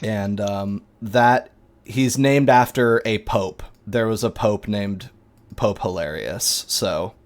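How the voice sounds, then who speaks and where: A man narrating a tabletop game as game master, relaxed and often pausing on fillers. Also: on the low side.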